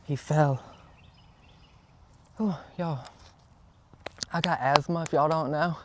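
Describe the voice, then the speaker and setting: A young man chatting casually outdoors as he repots plants, excitable and quick to exclaim at things around him. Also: fairly high pitch. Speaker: vlogger. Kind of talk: casual chat while gardening. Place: outdoors, yard.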